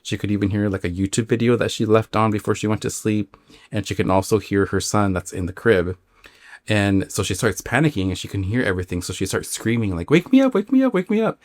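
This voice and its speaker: Low-voiced man casually retelling a spooky tale. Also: fairly even intonation, fairly quick, no room sound. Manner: rambling, filler-heavy retelling. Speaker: podcast host.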